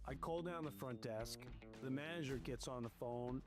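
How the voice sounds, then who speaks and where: A man casually telling a personal story in an animated, rushed way, often restarting his sentences. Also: medium pitch. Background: music.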